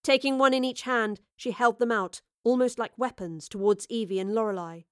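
A woman reading a story aloud in a steady, even narration. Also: a little high, normal speed, no room sound, clean studio sound. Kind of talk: audiobook narration.

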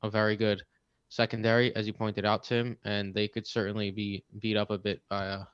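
A man's voice: fairly low pitch, completely flat delivery, a little fast, smooth, no echo, highs cut off. A man co-hosting a fantasy football podcast, talking casually and rambling with fillers and restarts. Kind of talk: casual sports chat.

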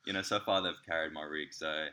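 An Australian man, an acupuncturist, telling a funny story in casual podcast chat, animated and laughing as he acts out the people in it. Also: extremely low pitch, fast. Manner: animated, laughing, swearing, acts out voices in anecdotes.

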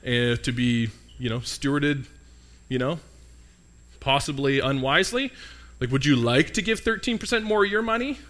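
A man's voice: medium pitch, animated, moderate pace, pauses often, a bit bright. A young man preaching a casual, conversational sermon and asking the congregation questions. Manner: conversational, asks the congregation questions, jokes with listeners. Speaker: pastor.

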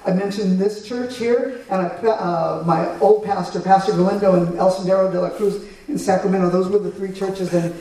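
A man tells his story in a relaxed, conversational way. He sounds earnest and keeps stopping to restart his sentences. His voice sits high but sounds mellow, and it comes from some distance in a very echoey room. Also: normal speed, hardly any pauses. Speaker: guest recounting a trip. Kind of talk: casual conversational recounting.

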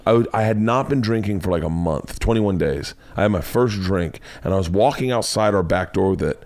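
Low-voiced man telling animated stories. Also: a little fast. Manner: animated storyteller, swears a lot. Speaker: podcast host. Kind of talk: casual chat.

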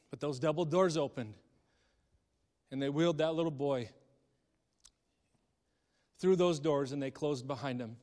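A middle-aged man telling an emotional story from the pulpit, moving between hushed and impassioned delivery. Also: on the high side, measured pace, long pauses, big-room sound. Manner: dramatic, swings from hushed to impassioned. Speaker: speaker.

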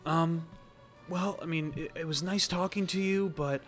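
A man's voice: a little high, a little slow, fairly bright tone, faint music behind, voice pushed up. A man voicing a nervous, flustered male castle steward who stammers and hesitates.

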